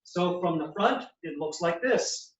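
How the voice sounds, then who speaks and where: Seorang pria bersuara tinggi memperagakan latihan lutut, terdengar jauh dan bergema di ruangan, suara agak redup. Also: male voice, high-pitched, expressive, measured pace. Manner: instructive, explains while demonstrating movements. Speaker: physical therapist. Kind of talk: exercise demonstration. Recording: echoey, distant, dull sound.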